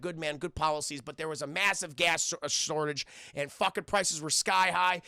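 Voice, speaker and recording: A man's voice: sits high, vocal fry, bright, forceful tone, dry recording, clean studio sound. A man giving a rambling, profane, casual livestream film review, constantly addressing his chat.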